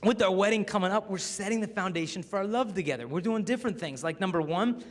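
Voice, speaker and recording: A young man giving a humorous inspirational talk as a youth speaker, animated and acting out voices. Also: sits high, quick pace. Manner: animated, acts out voices for comic effect. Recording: echoey hall.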